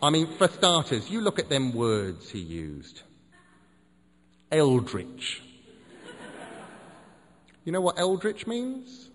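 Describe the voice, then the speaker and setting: A man voicing a small, frog-like pub regular who is loud and exasperated and keeps repeating himself. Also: on the high side, wildly swooping pitch, takes it slowly, long pauses, in a large hall, pitched above the performer's own voice, full character voice. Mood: scornful.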